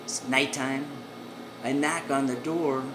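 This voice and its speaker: A woman telling a comic story in a brisk, animated way. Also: a bass voice. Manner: brisk, animated, acts out voices. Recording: echoey room, air-conditioning hum.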